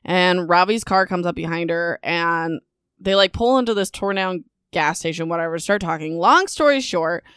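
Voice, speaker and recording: A woman's voice: lowish voice, normal speed, fairly bright tone, clear, resonant tone, no echo, studio quality. A young woman hosting a casual book recap podcast, talking in a sarcastic, dismissive way with lots of "like" and "whatever.".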